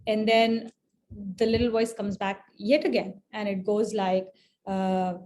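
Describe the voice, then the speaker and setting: A woman teaching a scripture class in a conversational way, often checking in with her listeners and pausing with fillers as she explains. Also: mid-range voice, little pitch movement, a little mellow, slight background noise. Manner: conversational, keeps asking "right?"; pauses with fillers and restarts while explaining. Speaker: spiritual teacher.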